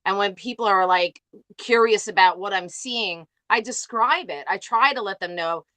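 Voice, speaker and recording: Bright Long Island-accented woman guest. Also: medium pitch, moderate pace, no echo. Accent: Long Island New York. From Long Island, New York. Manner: talkative, laughs often, rambling. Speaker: guest, psychic medium. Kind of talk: casual interview chat.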